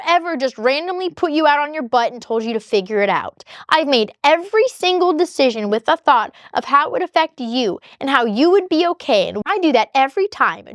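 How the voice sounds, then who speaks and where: High-voiced exasperated woman vlogger. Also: fairly bright tone, no room sound, studio quality. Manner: heated, exasperated, reading out text messages. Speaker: vlogger telling her divorce story. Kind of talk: casual storytelling vlog.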